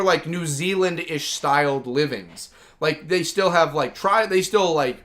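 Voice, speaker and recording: Bright-voiced, rambling male streamer. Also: a little high. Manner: rambling and enthusiastic, heavy use of "like". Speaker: livestream host. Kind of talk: casual livestream chat.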